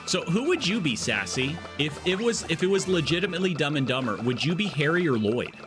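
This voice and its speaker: A man's voice: on the high side, very animated, a little fast. Guy streaming a game live, goofy rambling chat, earbud mic, faint music behind. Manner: rambling, joking, goes off on tangents. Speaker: livestream gaming host. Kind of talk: casual live gameplay chat.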